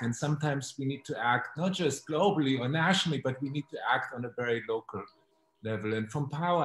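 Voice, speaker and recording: Man professor summing up a webcast panel, echoey room, stops and repeats words as he thinks. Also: mid-range voice. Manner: thoughtful, halting, repeats words while searching. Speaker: professor and co-host. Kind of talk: closing remarks in a panel discussion. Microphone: video call.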